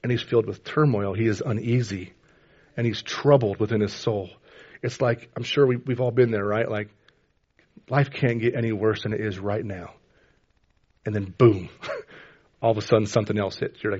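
A man with children of his own, preaching a sermon in a conversational way, often asking "right?" and rising in pitch and volume when quoting scripture. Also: fairly even intonation, a little fast, darkish tone, husky, highs cut off. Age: adult with children. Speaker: pastor.

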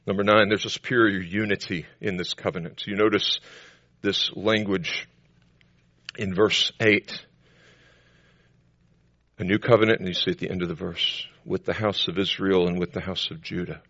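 Gravelly-voiced man preaching emphatically. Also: fairly even intonation, moderate pace, long pauses, dry recording, lo-fi sound. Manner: preaching with emphatic rises to loud high declarations. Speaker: pastor. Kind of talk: sermon.

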